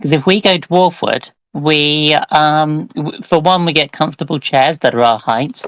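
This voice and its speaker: A man playing in a tabletop game, joking in a deadpan way. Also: a little high, a little slow, dry recording, rough recording. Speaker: player. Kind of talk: casual chat at a tabletop game.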